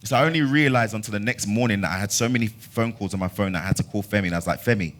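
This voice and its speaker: A man's voice: lowish voice, racing. Young London man telling a story. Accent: London English. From London, England. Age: 20s. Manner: animated storyteller who acts out dialogue with bursts of loud laughter. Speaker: actor giving a master class talk. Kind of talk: storytelling talk to an audience.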